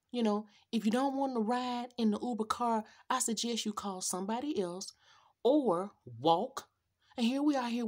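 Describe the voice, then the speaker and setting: A middle-aged woman speaks straight to her viewers in a casual storytelling rant, animated and sassy. Her voice sits a little low for a woman. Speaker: rideshare driver vlogger.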